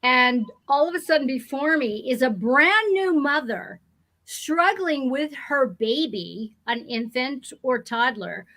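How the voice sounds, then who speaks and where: A woman telling animated stories in casual conversation, acting out the panicked voices of the people in them. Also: high voice, slow. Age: adult. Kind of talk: casual storytelling chat.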